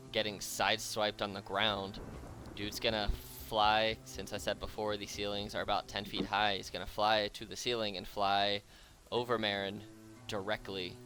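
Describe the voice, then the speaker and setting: A man narrating a tabletop game as its game master, in a loose, casual way full of fillers. His voice is bright and a little low, and soft music plays behind him.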